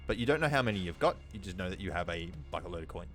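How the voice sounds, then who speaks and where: A man narrating as dungeon master in a tabletop game, describing scenes in an unhurried way with frequent ums. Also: deep voice, lively intonation, a bit bright, soft background music.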